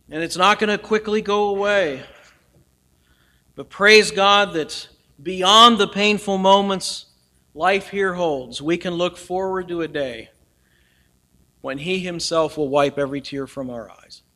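Bright, high-voiced preacher man. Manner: earnest, swings from loud emphasis to near-whispers. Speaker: pastor. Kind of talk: sermon.

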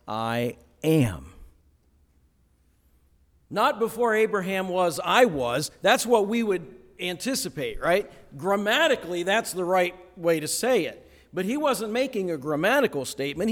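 A man preaching a sermon, animated, acting out the voices of the people he quotes. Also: high voice. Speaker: pastor. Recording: long hall reverb.

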